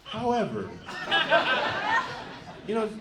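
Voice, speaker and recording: A man around twenty doing a stand-up comedy set, awkward and self-deprecating, halting with lots of "uh"s. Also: sits high, huge pitch swings, heavy background noise. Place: comedy club stage before a laughing crowd. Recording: echoey club with loud crowd laughter.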